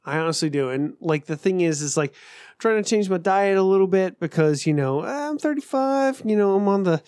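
A man's voice: high-pitched, fairly quick, a little mellow, clear, resonant tone, no room sound. Swearing, rambling man in his thirties. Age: 30s. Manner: rambling, swears a lot, self-mocking. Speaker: podcast co-host. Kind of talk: casual profane chat.

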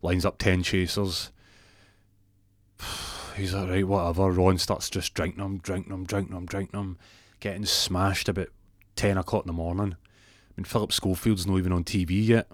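Scottish guy telling a rambly sweary funny story, deep voice, dry sound. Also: little pitch movement, moderate pace, no room sound. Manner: rambling, profane, self-interrupting. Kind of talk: comic storytelling.

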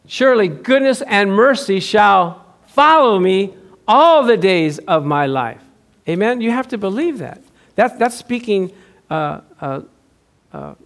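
A man pastor giving a sermon, telling a chatty personal story and laughing often. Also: sits high.

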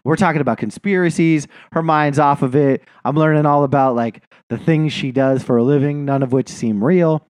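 A man's voice: a little high, moderate pace, hardly any pauses, a little mellow, smooth, no room sound. A man co-hosting a podcast, telling a long, rambling story in casual chat, swearing and laughing often. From New Jersey. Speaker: podcast co-host.

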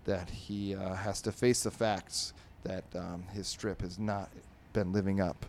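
A man hosting a comedy podcast, rambling through comic strips in a halting way with many ums and restarts. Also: low-pitched, little pitch movement, vocal fry, darkish tone, slight background noise.

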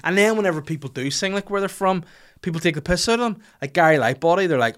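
A man's voice: high voice, expressive, fast, fairly bright tone. A man hosting a podcast, delivering a sardonic, profane comedic rant. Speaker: podcast host.

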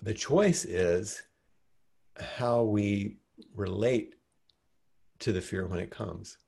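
A man teaching in a group discussion, answering a question in a calm, reflective way. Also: lowish voice, very slow, vocal fry, breathy edge. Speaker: meditation teacher.

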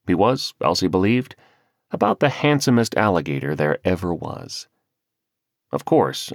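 Deep-voiced male audiobook narrator. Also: dry recording, clean studio sound. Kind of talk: scripted narration.

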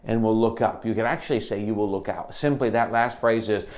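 A man preaching a sermon, earnest, moving between loud emphasis and quiet, intense passages. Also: fairly low pitch, a little fast.

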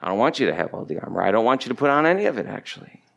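A preacher voicing a smug, scheming devil in a quick, low, self-satisfied tone. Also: male voice, sing-song, creaky, a bit bright, highs cut off, exaggerated voice.

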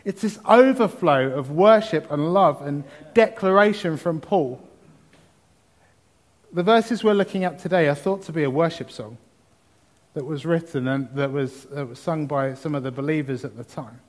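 A man's voice: a little high, normal speed. A man preaching a sermon, reading scripture and talking about it with exuberant emphasis. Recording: long hall reverb.

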